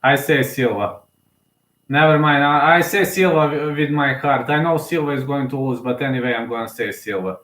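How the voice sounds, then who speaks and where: A man's voice: mid-range voice, moderate pace, fairly bright tone. Emotional man, echoey room. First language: Serbian. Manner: emotional, hesitant, thinking aloud. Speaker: live fight commentator. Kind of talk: casual live commentary.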